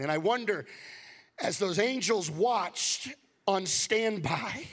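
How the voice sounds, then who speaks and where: A male pastor preaching a sermon, swinging from loud, animated passages to hushed near-whispers. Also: high voice, slow pace, husky.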